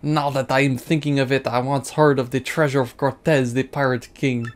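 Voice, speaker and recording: In a mid-range, natural voice with a level tone and moderate pace, a man performs game characters for a let's play. He's playing a pompous, vain, wealthy male trader, laying on a fake French accent in a theatrical, grandiose style.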